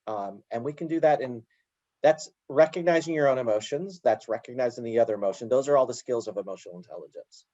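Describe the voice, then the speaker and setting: A man explaining calmly in an interview, often slipping into little acted-out quotes of parents and children. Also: mid-range voice, fast talker, no room sound, dull audio. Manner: animated storyteller acting out little quoted dialogues. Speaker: guest, educator. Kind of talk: conversational interview answer.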